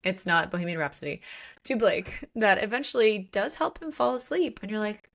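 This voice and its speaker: A woman's voice: mid-range voice, brisk, vocal fry. Chatty woman recapping a book. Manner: animated, laughs often, acts out quotes. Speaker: podcast co-host. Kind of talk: casual book discussion.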